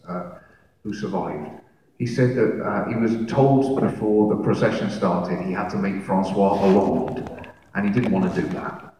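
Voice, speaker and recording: Man, stand-up comedian, self-deprecating rambles, long hall reverb, clear room noise. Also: on the low side, darkish tone. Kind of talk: stand-up storytelling. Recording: echoey hall, mic at a distance, audience ambience.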